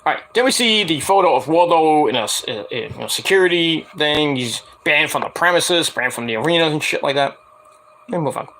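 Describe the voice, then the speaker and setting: Man, fairly high voice, bright tone, casual rambling review, profane, lots of fillers. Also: lively intonation, fairly quick, slight background noise. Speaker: wrestling show reviewer.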